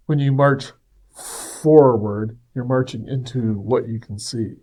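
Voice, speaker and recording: Dark-voiced man musing casually. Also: mid-range voice, measured pace. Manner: earnest, conversational, acts out quoted voices. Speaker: speaker sharing personal reflections. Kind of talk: casual reflective monologue.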